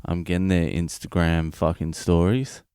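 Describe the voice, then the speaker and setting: A man's voice: low voice, little pitch movement, normal speed, dark tone, clean tone, no room sound, studio quality. An Australian man in his thirties, a comedian hosting his own podcast, delivering a profane, ranting comedic monologue.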